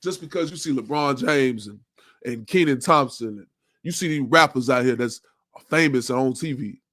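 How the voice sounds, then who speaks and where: A man leads a Bible class in a forceful, insistent preaching style. His voice sits somewhat high, and he drives his points home with rhetorical questions, tagging lines with "man." The recording is dry, with no room echo. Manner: tags nearly every sentence with "man" and "you understand?". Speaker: religious class teacher.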